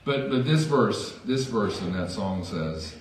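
A man's voice: fairly low pitch, expressive, unhurried, recorded from a distance, slight background noise. A man preaching a sermon as pastor in a church, conversational with self-deprecating asides. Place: church sanctuary. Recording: echoey church hall from afar.

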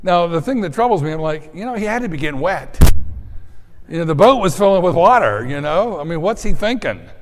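A man's voice: fairly high pitch, sing-song, fairly quick, big-room sound, background noise. A man preaching a sermon as pastor, talking in a loose, conversational way with lots of fillers and restarts.

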